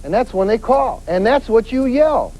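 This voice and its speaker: A male detective delivers a spirited crime-prevention lecture, slipping into quoted voices to act out scenes. His voice sits fairly high yet sounds warm and mellow, and he drives every point home with punchy repetition. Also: normal speed, low-quality recording. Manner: animated, acts out quoted voices, emphatic repetition. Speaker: police detective giving a safety talk.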